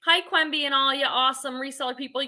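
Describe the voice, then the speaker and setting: A woman's voice: high voice, fairly even intonation, quick pace, bright, forceful tone. A woman hosting a casual reselling livestream from her living room, chatty and rambling, greeting viewers by name. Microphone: computer webcam on livestream.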